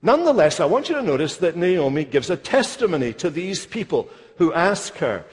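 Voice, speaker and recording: A man preaching a sermon, slow and emphatic, stressing key phrases. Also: a little high, big pitch swings, slightly rough. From Scotland. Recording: long hall reverb.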